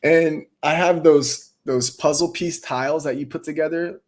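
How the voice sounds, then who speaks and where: A man's voice: on the high side, steady tone, normal speed. Slangy, laughing man telling a story. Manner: slangy, profane, laughs between lines. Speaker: livestream host. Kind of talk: casual storytelling chat.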